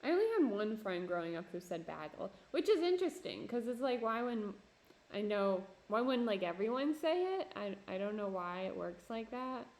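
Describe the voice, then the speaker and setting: A woman's voice: mid-range voice, animated, moderate pace, darkish tone. A woman from New Jersey streaming while she works on pottery, chatty and self-deprecating, laughing often. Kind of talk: casual livestream chat while working. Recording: roomy echo.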